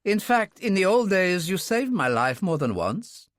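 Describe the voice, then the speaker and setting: A man's voice: sits high, very animated, unhurried, dry recording, studio quality, voice pushed up. A man reading an audiobook, voicing an anxious, apologetic friend in a raised, pleading tone. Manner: pleading, agitated.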